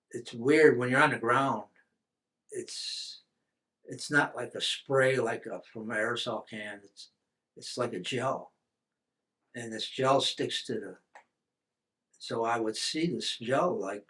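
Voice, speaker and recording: A man's voice: medium pitch, a bit bright. An older man from the United States, a veteran telling his story in an oral history interview, rambling with many restarts and fillers.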